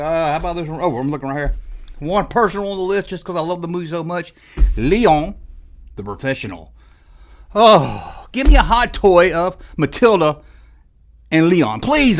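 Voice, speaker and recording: A man's voice: a little high, a bit bright. A man hosting a toy channel, rambling through a casual, jokey monologue and often stopping to correct himself.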